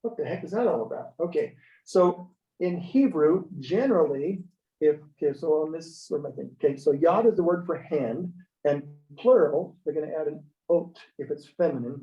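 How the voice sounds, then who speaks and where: A man teaching a beginner language class, chatty and tossing "okay?" after each point, having students repeat after him. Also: on the high side. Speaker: Hebrew teacher. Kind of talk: classroom lecture. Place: church classroom. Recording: roomy, distant, dull lo-fi sound.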